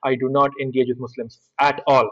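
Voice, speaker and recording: A man, an activist guest telling blunt, animated stories in a casual interview. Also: mid-range voice, fairly quick, dull audio. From India.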